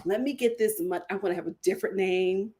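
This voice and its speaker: A woman hosting a casual livestream, reading viewer comments aloud, laughing often and bursting into loud outbursts. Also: medium pitch, fast. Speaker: livestream host reading super chats.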